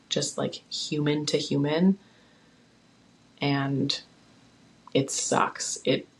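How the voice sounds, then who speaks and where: A young adult hosts a solo podcast from home and speaks earnestly, offering encouragement and support. The voice has a gravelly, creaky texture. The delivery stays low-key and flat in pitch, and it is recorded on a phone. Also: poor audio. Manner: earnest, encouraging, heartfelt pep talk. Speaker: podcast host. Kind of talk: casual solo podcast talk.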